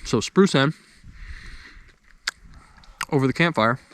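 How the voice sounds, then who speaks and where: A man's voice: mid-range voice, lively intonation, slow pace, a bit bright, a little hiss or hum. A young man in casual talk to the camera outdoors by a campfire, easygoing and rambling, chewing as he talks. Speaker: outdoors vlogger.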